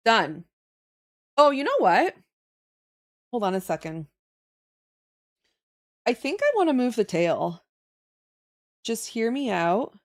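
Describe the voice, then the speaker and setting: A winded woman chats her way through a drawing livestream, thinking aloud as she works. Her pitch rises and falls a lot, which keeps her talk animated. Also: takes it slowly, pauses often. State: out of breath. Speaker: streamer drawing emotes. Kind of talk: casual livestream chat.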